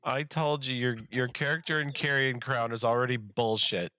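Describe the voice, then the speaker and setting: A man's voice: medium pitch, normal speed, bright, forceful tone, no room sound, clean studio sound. A man running an online tabletop game as game master, teasing his players and laughing often.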